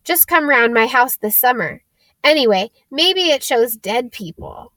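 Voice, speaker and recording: A woman's voice: fairly high pitch, animated, unhurried, fairly bright tone, no echo. A woman reading the part of an eager, sometimes cross eleven-year-old boy in an audiobook. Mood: offhand. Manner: cross, eager, then boastful.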